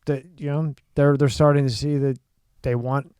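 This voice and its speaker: A man's voice: medium pitch, little pitch movement, normal speed, dark tone, smooth, dry recording, studio quality. A man hosting a podcast in a casual chat, chiming in bluntly with short agreements and swearing. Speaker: podcast host.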